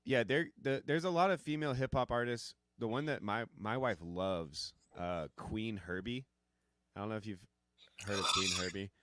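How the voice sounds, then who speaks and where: A man's voice: lowish voice, normal speed, fairly bright tone. A man chatting casually on a stream, opinionated and easygoing, with plenty of fillers. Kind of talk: casual chat.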